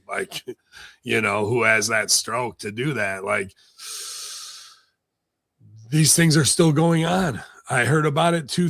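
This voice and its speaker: A man co-hosting a podcast in loose, profane commentary, his voice gravelly with fry and a sharp, bright edge. He talks bluntly and rambles, recorded with a dry, close sound. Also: on the low side, no echo. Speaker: podcast co-host. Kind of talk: casual commentary.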